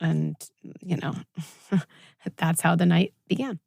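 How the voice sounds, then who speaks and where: Animated woman psychologist, dry close sound. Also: fairly low pitch, slow pace, vocal fry, dry recording. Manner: animated storytelling, acts out quoted voices. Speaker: clinical psychologist guest. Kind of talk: conversational interview.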